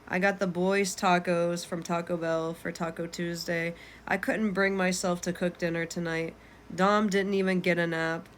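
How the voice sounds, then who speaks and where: A woman's voice: lowish voice, slight background noise. A woman in her twenties reading her own journal aloud, candid and unfiltered, swearing casually. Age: 20s. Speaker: vlogger.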